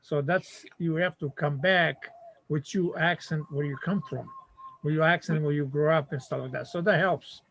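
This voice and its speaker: An older man from Montenegro with a Montenegrin accent, speaking halting non-native English in a casual chat and acting out the voices of the people in his stories. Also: a little high, fairly even intonation, gravelly, a bit bright, slight background noise, low-quality recording. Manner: halting non-native English, acts out quoted voices while telling a story.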